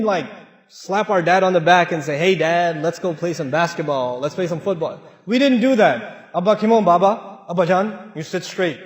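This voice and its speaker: High-voiced preacher in an echoey hall. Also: male voice. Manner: lively, acts out family quarrels in character voices. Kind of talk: sermon. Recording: echoey hall with long reverb.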